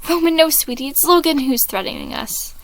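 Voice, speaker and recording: Woman doing a sweet fatherly guy, high and gentle, clean dry mic. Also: a little fast, no room sound. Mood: fond, worried. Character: fatherly, caring male character.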